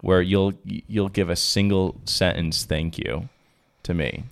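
A man's voice: sits low, fairly even intonation, slow pace, gravelly. A man co-hosting a podcast, chatting casually with his partner in a hesitant, wry way with frequent restarts. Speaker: podcast co-host. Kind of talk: casual couple chat.

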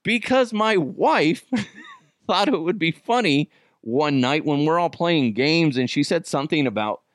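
Middle-aged male podcast host, casual, profane storyteller who acts out quotes; wide-ranging pitch, dry close-miked sound. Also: a little slow, no room sound. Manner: animated, swearing, laughs while telling stories, acts out quoted voices.

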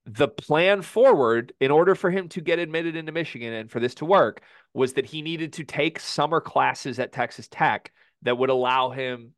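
Podcast co-host, male, heated sports rant, voice spikes high when angry. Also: a bit bright, dry recording. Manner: quick explanatory delivery. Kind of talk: college basketball podcast rant.

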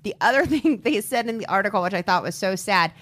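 A woman's voice: medium pitch, animated, quick pace, fairly bright tone. A woman co-hosting a podcast, chatting casually about a crime case, laughing often and saying "like" a lot. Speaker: podcast co-host. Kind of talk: casual true-crime chat.

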